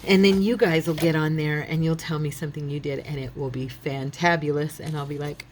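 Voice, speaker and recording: A woman's voice: sits low, fairly even intonation, brisk, few pauses, a little hiss or hum. A woman hosting a craft channel, chatting casually to her viewers and thinking aloud as she works, a little silly and self-deprecating. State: yawning, relaxed.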